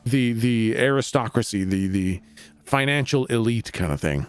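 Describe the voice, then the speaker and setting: Man GM narrating loosely, animated delivery, faint music under. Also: medium pitch, normal speed, clear, resonant tone. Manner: rambling, casual, with fillers and profanity. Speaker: game master. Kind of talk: narrating a tabletop game.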